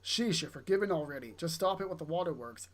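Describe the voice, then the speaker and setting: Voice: medium pitch, lively intonation, fast talker, close to an everyday voice. A player reading aloud for a blunt, sardonic young male mercenary. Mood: gruff. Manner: blunt, teasing.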